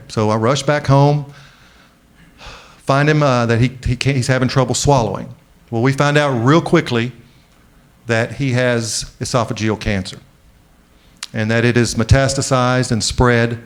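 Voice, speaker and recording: A middle-aged man giving a conference keynote speech. He tells a personal story and often slows down and drops his voice for the emotional moments. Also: mid-range voice, fairly even intonation. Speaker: keynote speaker. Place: large conference venue.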